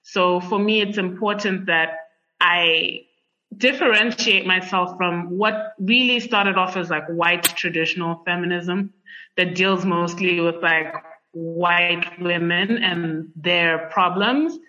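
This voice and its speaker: A young woman from Zimbabwe, a podcast guest talking casually with lots of fillers and an animated, chatty manner. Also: lowish voice, slow pace. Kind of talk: conversational interview. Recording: dull lo-fi sound.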